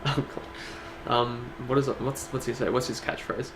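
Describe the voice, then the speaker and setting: Gravelly, laid-back male co-host. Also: mid-range voice, fairly even intonation, normal speed, fairly bright tone, a little hiss or hum, low-quality recording. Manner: laid-back, laughs often, reads out lists. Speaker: stream co-host presenting awards. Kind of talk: casual chat.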